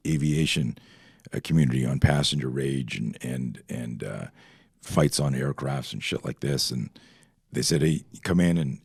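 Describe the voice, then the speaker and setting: Very deep, gravelly man telling rambling stories. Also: a little mellow, no room sound, studio quality. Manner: profane, rambling, full of tangents. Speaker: podcast guest, self-defense instructor. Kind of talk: casual storytelling chat.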